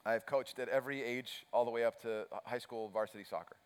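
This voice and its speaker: A man's voice: medium pitch, fairly even intonation, a little fast, clean tone. A man preaching a sermon, telling a self-mocking story and acting out his own chipper coach voice. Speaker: pastor. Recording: long reverb of a large hall.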